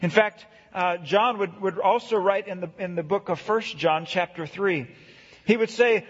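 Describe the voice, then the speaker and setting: A middle-aged man preaching a sermon, earnest, slowing down to read scripture and building emphasis. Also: sits high, animated, slightly rough. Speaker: pastor. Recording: echoey hall, dull lo-fi sound.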